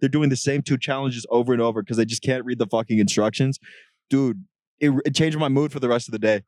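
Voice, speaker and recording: Chill young dude cohosting a podcast, mid pitch, easygoing storytelling, dry close sound. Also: male voice, fast talker, no echo. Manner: relaxed storyteller, laughs easily, casual slang. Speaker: podcast co-host. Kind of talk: casual chat.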